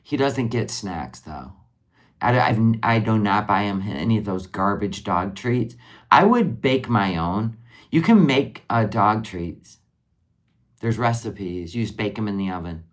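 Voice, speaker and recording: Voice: deep voice, expressive, unhurried. A live-streamer chatting casually while finishing crafts, rambling and answering viewer comments as they come in. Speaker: livestream crafter.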